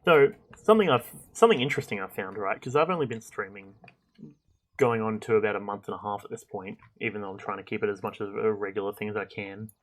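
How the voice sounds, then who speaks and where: A man's voice: lowish voice, quick pace. Young man rambling on a game stream. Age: young adult. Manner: rambling, chatty, thinks aloud with many fillers. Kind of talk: casual gameplay commentary.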